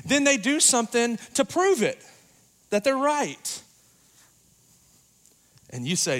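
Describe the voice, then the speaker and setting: A man preaching a sermon in a church, talking casually and joking, going loud and then quiet for emphasis. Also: very high voice, big pitch swings, slow, long pauses. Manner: conversational, joking, rises and drops in volume for emphasis.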